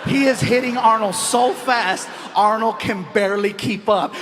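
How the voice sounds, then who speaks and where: A man doing live stand-up, animated, laughing at his own lines and yelling for effect on a stage mic. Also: high-pitched, moderate pace, few pauses, in a large hall, background noise. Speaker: stand-up comedian and host. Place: comedy stage before a live audience.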